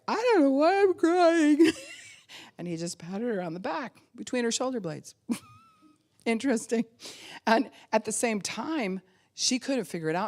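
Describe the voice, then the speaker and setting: A woman pastor preaching a sermon in an animated way, laughing often and acting out the voices she quotes. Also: lowish voice.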